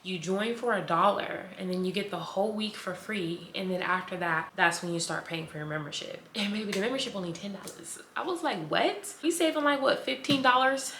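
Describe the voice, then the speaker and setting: Chatty young woman, low voice, echoey room. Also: fairly quick, hardly any pauses, fairly bright tone. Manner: chatty, girlfriend-to-girlfriend talk, calls viewers girl and sis. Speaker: vlogger. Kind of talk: casual chat to camera. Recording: echoey room, faint noise.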